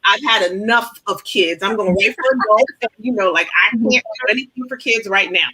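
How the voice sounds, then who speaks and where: Bright, chatty woman in her thirties. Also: medium pitch, moderate pace, slightly rough. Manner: chatty and rambling, with many fillers. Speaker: author and panelist. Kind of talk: casual panel discussion. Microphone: video call.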